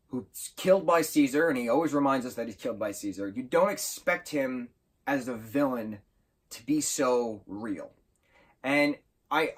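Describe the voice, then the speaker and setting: Man, husky voice, casual book review, excitable, rambling, self-correcting. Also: medium pitch.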